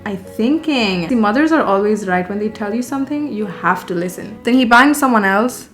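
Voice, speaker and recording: A woman's voice: medium pitch, animated, moderate pace, faint music behind. A woman in her twenties chatting casually while doing her makeup, blunt and sarcastic, swearing freely. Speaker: beauty vlogger. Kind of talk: casual get-ready-with-me storytime.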